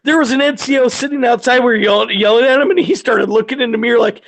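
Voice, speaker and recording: Man, high voice, casual garage chat, swearing storyteller who acts out his quotes. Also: fast, creaky. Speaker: military supervisor telling work stories.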